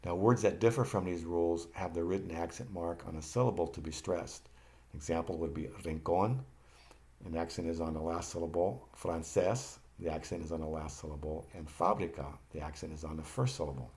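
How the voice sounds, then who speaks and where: A man with a very low voice walks learners through a slide lesson. He speaks patiently and repeats each phrase so they can say it back. Now and then he stops mid-word and corrects himself. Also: fairly even intonation, quick pace, darkish tone. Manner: occasional restarts and self-corrections. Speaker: language teacher. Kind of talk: slide-based lesson narration.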